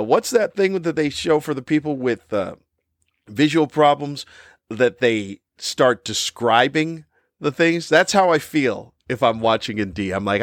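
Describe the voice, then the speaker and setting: A middle-aged man talking casually to his regulars in a wry, rambling way, often restarting and filling pauses. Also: on the low side, no room sound, studio quality. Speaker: podcast host. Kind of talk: casual monologue.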